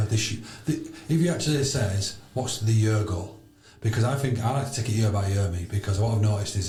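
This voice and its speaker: A man, a podcast guest telling stories loudly and bluntly, swearing freely. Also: on the low side, a little hiss or hum. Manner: loud, blunt, emphatic. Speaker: podcast guest, charity founder. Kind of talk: animated storytelling with swearing. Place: sauna. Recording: roomy echo.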